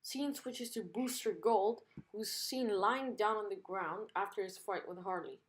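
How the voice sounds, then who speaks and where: A woman's voice: medium pitch, unhurried, breathy edge. A woman who runs a comic book channel, recapping the story and reading it aloud in plain narration.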